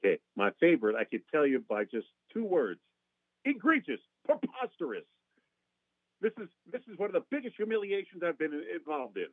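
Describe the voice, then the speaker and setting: A man's voice: on the high side, sing-song, quick pace, hardly any pauses, no echo, narrow, tinny audio. A man chatting as a radio guest, an enthusiastic storyteller who acts out quotes. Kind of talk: casual radio chat.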